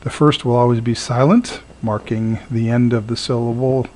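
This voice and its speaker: A man teaching a recorded lesson, halting with frequent fillers and repeating words slowly to model their sound. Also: medium pitch, fairly even intonation, a little mellow, a little hiss or hum. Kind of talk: recorded lecture.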